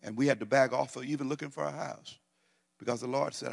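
A middle-aged male pastor preaching a sermon, swinging from loud, excited near-shouting down to low, quiet speech. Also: fast talker, gravelly, big-room sound.

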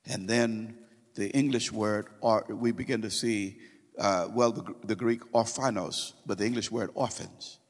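A man preaching a sermon in a church, emphatic, swinging between loud calls and hushed low phrases. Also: fairly even intonation, unhurried, long reverb tail. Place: church sanctuary.

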